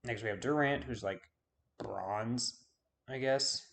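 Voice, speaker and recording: A man's voice: mid-range voice, slow pace, creaky, a bit bright. A man giving casual video game commentary, rambling and forgetting names with self-deprecating asides. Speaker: YouTube host.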